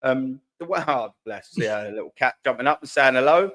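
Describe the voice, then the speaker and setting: A young man hosts a live stream in a casual, slangy way and keeps reading viewer comments out loud. His pitch sits in the middle for a man. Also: animated, moderate pace. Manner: laid-back, slangy, reads chat aloud. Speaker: host of a live fan stream.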